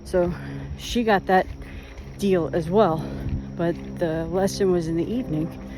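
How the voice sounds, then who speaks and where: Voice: mid-range voice, a little slow, noisy background. A vlogger telling rambling, self-mocking stories while out on a walk. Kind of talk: casual storytelling on a walk. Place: outdoors, walking.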